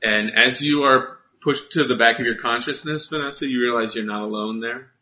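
A man running a tabletop game, narrating in halting bursts and restarting his sentences often. His voice is very bright and edgy, and it sounds roomy and dull, like a lo-fi recording of a room. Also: mid-range voice. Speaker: game master.

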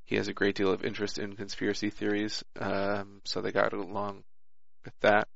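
A man's voice: fairly low pitch, monotone, moderate pace, creaky, fairly bright tone, no echo, lo-fi sound. A man chatting about a tabletop game and reading his character notes aloud, with small stumbles.

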